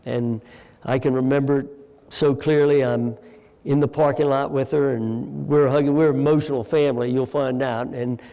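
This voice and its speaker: Gravelly old guy, retired general telling war stories to a crowd, dark voice, big echoey hall. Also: mid-range voice, fairly even intonation. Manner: measured, heartfelt storytelling with pauses. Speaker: retired general giving a guest talk. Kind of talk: storytelling lecture to an audience. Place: large lecture hall.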